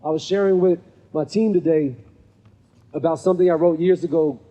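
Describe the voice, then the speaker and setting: Husky man telling stories in a hall. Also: fairly high pitch, fairly quick, mellow, lo-fi sound. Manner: conversational, checks in with 'right?' often; acts out the people in his stories. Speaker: speaker at a men's gathering. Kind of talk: storytelling motivational talk. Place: event venue with a live audience. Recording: long reverb of a hall.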